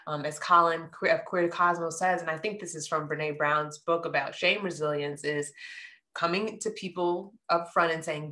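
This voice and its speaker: A woman with a low-pitched voice reads tarot cards for her viewers. She talks earnestly and from the heart, pausing on soft hums and checking in with a frequent "right?". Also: fairly even intonation. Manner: soft hums and pauses between thoughts. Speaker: tarot reader. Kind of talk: intuitive tarot reading to viewers.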